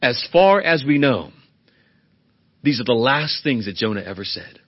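Husky, earnest male pastor preaching. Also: mid-range voice, sing-song, a little slow, dull audio. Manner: earnest, emphatic, rhetorical questions. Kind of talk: sermon.

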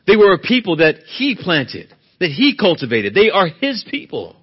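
A man's voice: sits high, huge pitch swings, moderate pace, breathy edge, highs cut off. A male pastor preaching a sermon in an earnest, emphatic way, often asking the congregation rhetorical questions.

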